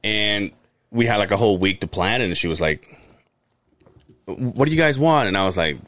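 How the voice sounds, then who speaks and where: A man's voice: on the low side, animated, normal speed, a bit bright, no room sound. A man telling a long, rambling story in casual podcast chat, swearing and restarting often. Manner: rambling, profane, many restarts. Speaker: podcast co-host.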